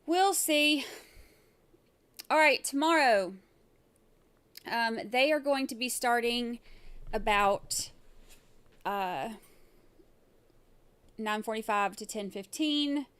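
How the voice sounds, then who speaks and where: A woman's voice: fairly high pitch, slow pace, pauses often, a bit bright, clear, resonant tone. Chatty woman hosting live trial commentary. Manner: chatty, rambling, with many fillers. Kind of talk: casual livestream commentary.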